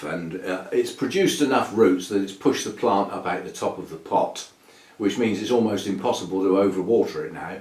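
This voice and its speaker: Male host, low voice, meandering casual chat, echoey room. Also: far from the mic. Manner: rambling and chatty, with fillers and soft laughs. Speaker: orchid channel host. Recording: echoey room, voice a bit off-mic.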